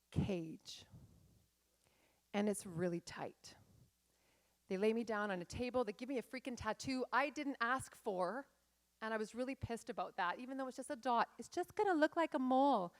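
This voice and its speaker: A middle-aged woman, a life coach, giving a candid and dramatic personal storytelling talk on stage. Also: on the high side.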